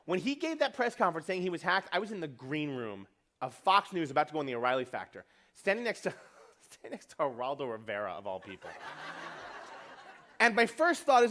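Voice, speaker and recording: The keynote speaker, a man from New York, has a high-pitched, somewhat bright voice with big pitch swings. Speaking to a conference audience, he's fast, brash, and profane, joking throughout and acting out quotes.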